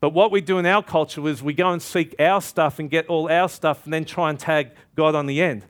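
A male preacher with a fairly high voice delivers a sermon. He talks in a relaxed, conversational way and tells stories with lively energy. He often stops to ask "right?" as if checking in with the listeners. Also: a little fast. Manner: animated storytelling with laughter.

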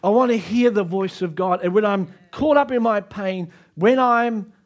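A man preaching a sermon as pastor, moving between soft, low asides and raised, emphatic climaxes. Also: moderate pace.

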